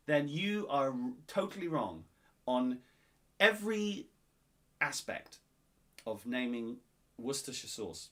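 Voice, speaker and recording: A man's voice: fairly high pitch, big pitch swings, normal speed, fairly bright tone. A man from England hosting a live-streamed pub quiz, reading out answers and teasing players in a jokey, playful way.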